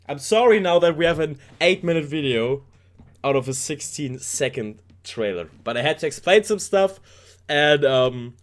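This is a man riffing through a reaction video in a loose, rambling way. He jokes and speaks directly to his viewers. His pitch sits mid-range but rises and falls a great deal. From Germany. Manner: playful, rambling, joking, talks straight to viewers. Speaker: K-pop reaction YouTuber. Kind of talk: casual reaction commentary.

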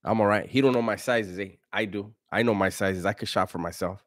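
A man's voice: on the low side, a little fast, dry recording, clean studio sound. A man hosting a casual live stream, reading viewer comments aloud in a laid-back, slangy way and chuckling often.

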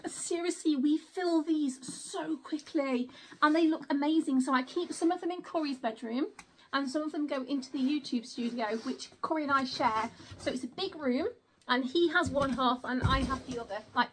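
A woman, chatting through an unboxing and exclaiming often. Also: sits high. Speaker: vlogger. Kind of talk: casual unboxing chat.

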